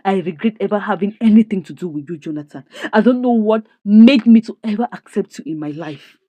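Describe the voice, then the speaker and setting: A woman voicing a regretful mother who speaks in a low, weary, subdued way. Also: brisk, no room sound, dull audio, natural voice. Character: regretful mother fed up with her husband.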